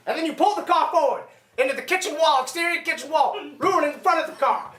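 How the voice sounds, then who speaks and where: Male sketch performer, comic rant, bright tone, roomy stage sound. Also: very high voice, quick pace, few pauses. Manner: building comic rant, repeating the setup. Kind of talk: live sketch comedy monologue. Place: theater stage. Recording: echoey theater room.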